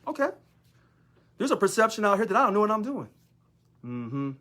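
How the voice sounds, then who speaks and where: Animated sarcastic man talking to camera. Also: high-pitched, brisk. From United States. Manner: animated, sarcastic, rhetorical questions. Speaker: union local president. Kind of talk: casual monologue video.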